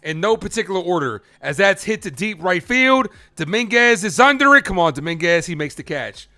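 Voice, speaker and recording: A man hosting a live baseball stream, chatting casually with viewers while calling the pitches in an animated way. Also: brisk. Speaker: live play-by-play streamer and host.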